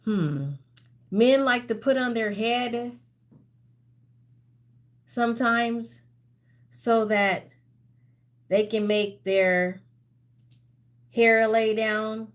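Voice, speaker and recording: A woman hosting a casual live-stream trivia game, chatty and laughing, out of breath, reading each question slowly and stepping away from her mic at times. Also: fairly high pitch. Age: older. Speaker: livestream trivia host.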